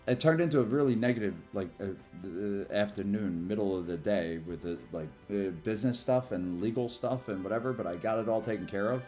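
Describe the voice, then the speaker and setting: A low-voiced man chats loosely through a game stream, drifting from topic to topic in a rambling, friendly way. Faint music plays underneath his talk. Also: dark tone. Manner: rambling, chatty, quick to thank followers. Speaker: livestreamer. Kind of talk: casual live stream chat while gaming.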